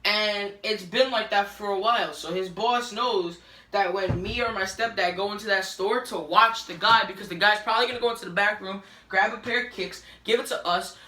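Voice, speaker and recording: A vlogger with a mid-range voice films herself on a phone on a selfie stick, ranting angrily to camera at a moderate pace. She grows more profane and frustrated until she's shouting. The room is echoey and there's slight background noise.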